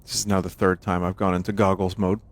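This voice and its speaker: A man's voice: sits low, little pitch movement, fast. A man casually commenting while playing a game, jokey and goofy. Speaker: streamer. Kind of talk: casual let's-play commentary.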